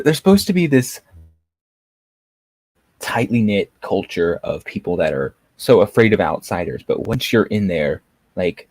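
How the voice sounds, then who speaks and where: A man's voice: on the low side, a little mellow, no room sound. A man hosting a live review show, talking in a rambling, mocking way and leaning on filler words. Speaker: show host reviewing a series.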